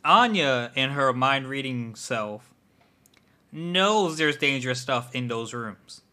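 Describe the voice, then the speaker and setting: A man with a bright, forward voice at an ordinary pitch. He talks bluntly and swears freely in casual co-host banter. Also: expressive, takes it slowly. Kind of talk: casual chat.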